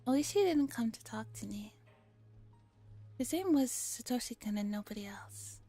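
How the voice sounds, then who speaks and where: A young woman streamer reading a visual novel aloud in a soft, steady whisper, her speech with a valley-girl lilt. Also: a little high, normal speed, faint music behind. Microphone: close ASMR microphone.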